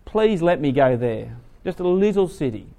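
A man's voice: on the high side, moderate pace, darkish tone, close to an everyday voice. A man preaching, voicing a frightened old man who begs to be spared. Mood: begging. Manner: begging, anxious.

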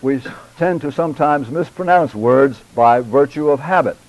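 An older man teaching a church public speaking class, deliberate and emphatic, addressing his students directly. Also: medium pitch, a little mellow, no room sound, low-quality recording.

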